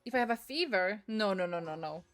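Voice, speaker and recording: A woman livestreams gameplay from her room at home, swearing, repeating herself and ranting in exasperation. Her medium-pitched voice is animated, fairly quick and fairly bright, recorded through a desk mic at the computer.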